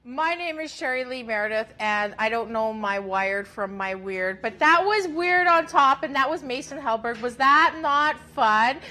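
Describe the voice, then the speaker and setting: A middle-aged woman hosting a talk show, bubbly and quick, laughing often. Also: sits high, animated, background noise.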